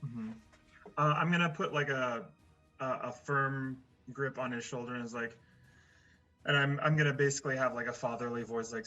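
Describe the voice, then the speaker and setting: A man's voice: mid-range voice, fairly even intonation, normal speed, pushed and bright, muffled recording, soft background music. A man playing a tabletop game, hesitant and thinking aloud as he talks. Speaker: player.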